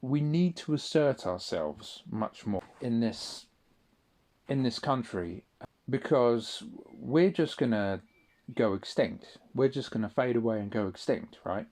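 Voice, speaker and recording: A man's voice: mid-range voice, lively intonation, measured pace, darkish tone. A man in a casual spoken monologue, rambling and swearing often, with frequent restarts. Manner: rambling, profane, restarts a lot. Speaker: audio diarist.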